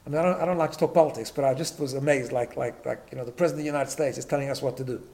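A man's voice: mid-range voice, fairly even intonation, racing, warm tone. A man teaching a Torah class, emphatic, often repeating words and checking in with "right?". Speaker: rabbi.

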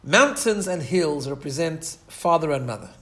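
A man's voice: fairly high pitch, expressive, moderate pace, bright, forceful tone. A man teaching a Torah lesson in an earnest storytelling manner, often restarting and repeating words as he goes. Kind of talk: storytelling sermon.

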